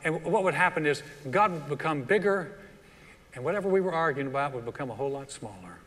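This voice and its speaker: Bright-voiced preacher in a reverberant hall. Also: male voice, a little high, fast. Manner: animated preaching that acts out quoted voices of the congregation. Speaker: pastor. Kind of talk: sermon. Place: large church hall.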